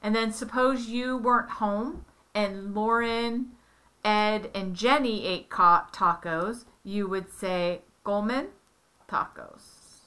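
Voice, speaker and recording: A bright-voiced woman works through a lesson with one student. She speaks slowly and patiently, building each point step by step with examples. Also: medium pitch, steady tone. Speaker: tutor.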